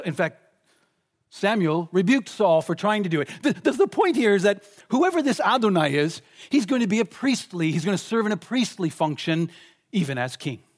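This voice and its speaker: A man preaching a sermon with enthusiasm, swinging between loud exclamations and hushed whispers. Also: sits high. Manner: enthusiastic, exclaiming over points.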